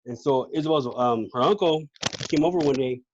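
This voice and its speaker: A man telling his own story as a podcast guest in casual talk, slangy and halting, often repeating words. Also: fairly high pitch, darkish tone, muffled recording, a little hiss or hum. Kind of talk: casual personal testimony.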